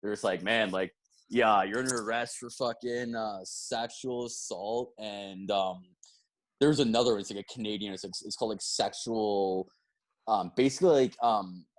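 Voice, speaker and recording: A man's voice: lowish voice, steady tone, moderate pace. A man hosting a podcast, telling a long story in casual chat, rambling and swearing, with frequent restarts. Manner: rambling and profane, restarts a lot, laughs mid-story. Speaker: podcast host.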